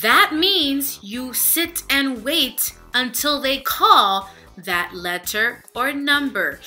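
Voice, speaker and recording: A young woman telling a casual, profane storytime vlog, animated and acting out the people she quotes. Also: high voice, takes it slowly, few pauses, soft background music. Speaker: vlogger.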